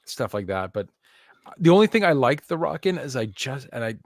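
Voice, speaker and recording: A man chatting on a podcast with a loose, joking, rambling manner, his voice sitting at an everyday middle pitch. The recording is close and dry, with no room sound around him. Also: sing-song, fairly quick, no echo. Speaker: podcast co-host. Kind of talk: casual chat.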